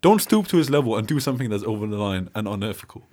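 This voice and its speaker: Young male podcast co-host, animated pitch, giggly, casual and profane. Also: very fast. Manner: laughs often, swears casually. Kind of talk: casual chat. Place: Denmark.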